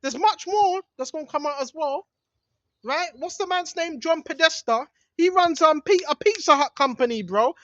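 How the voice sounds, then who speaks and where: High-voiced man preaching in a rambling way. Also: lively intonation, moderate pace, fairly bright tone, muffled recording, slight background noise. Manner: emphatic, rambling, keeps asking "right?". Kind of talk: outdoor religious vlog monologue. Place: small hidden spot in the woods, outdoors.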